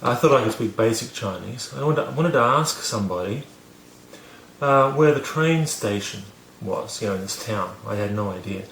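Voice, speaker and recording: A man's voice: lowish voice, expressive, moderate pace, gravelly, a bit bright, echoey room, a little hiss or hum. A man casually telling a story to camera, rambling with many fillers and restarts, poking fun at himself. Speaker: vlogger teaching about learning.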